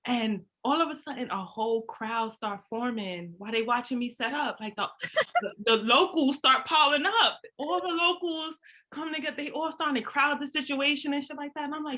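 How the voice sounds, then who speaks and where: Young brooklyn woman hosting a chat, bright clear voice, a bit high, slangy and animated. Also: normal speed. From Brooklyn, USA. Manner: animated, slangy, swearing casually. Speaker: book club host. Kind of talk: casual storytelling chat.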